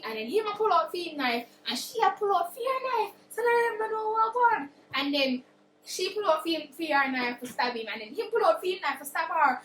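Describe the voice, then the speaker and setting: A Jamaican book reviewer with a high voice briskly retells a book's plot in a casual, animated way, acting out the characters' lines. The room is echoey, with faint noise.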